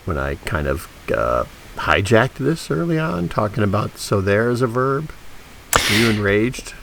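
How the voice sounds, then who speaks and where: A man's voice: on the low side, sing-song, unhurried, creaky, fairly bright tone, a little hiss or hum. A man co-hosting a comedy podcast, joking around, laughing often and slipping into silly voices. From Ireland. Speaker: podcast co-host. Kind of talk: comedic casual chat.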